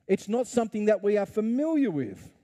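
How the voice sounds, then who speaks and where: A man's voice: high-pitched, big pitch swings, brisk, dark tone. A middle-aged man, preaching a conversational sermon full of rhetorical questions and playful asides. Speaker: pastor.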